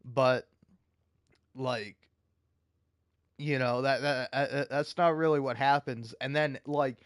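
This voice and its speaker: A man's voice: medium pitch, smooth, dry recording, studio quality. A man ranting in casual commentary, heated and profane, often stumbling and restarting his sentences. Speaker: video commentator.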